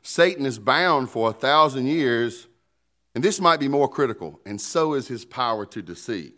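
Animated joking preacher man, lively pitch. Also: normal speed. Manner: animated, joking, conversational preaching with call-and-response. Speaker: pastor. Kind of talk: sermon.

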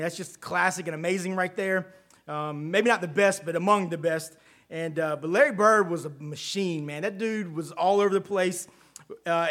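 A man's voice: sits high, fairly bright tone. A man preaching a casual, conversational sermon, folksy and chatty with asides and frequent check-ins with his listeners.

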